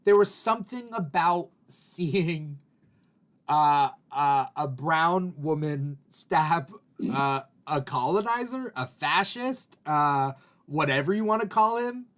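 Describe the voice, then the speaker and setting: A man's voice: a little high, lively intonation, slow pace, fairly bright tone. A man hosting an online aftershow, speaking in an easygoing, rambling way. He leans on fillers and swears freely as he riffs with his cohosts. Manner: loose and conversational, heavy on fillers and swearing. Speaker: podcast host. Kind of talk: casual chat.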